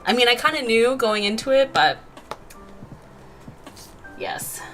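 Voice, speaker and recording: A woman's voice: fairly high pitch, slow pace, a bit bright, faint music behind. Giggly young woman chatting while drawing. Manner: chatty, giggly, lots of fillers, reads chat aloud. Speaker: art livestream host. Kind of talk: casual chat while drawing.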